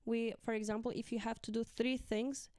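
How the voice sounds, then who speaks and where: Young woman teacher telling class stories as a guest, crisp voice, dry close sound, higher range. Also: flat delivery, normal speed, darkish tone, dry recording. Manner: chatty, acts out quotes of pupils with laughs. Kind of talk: casual conversation.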